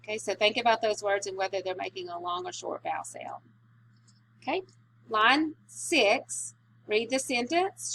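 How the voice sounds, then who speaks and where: Woman teacher, mid-pitched voice, patient phonics lesson. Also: very animated, fairly bright tone, a little hiss or hum. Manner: slow, patient, stretching out sounds. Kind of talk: recorded spelling lesson.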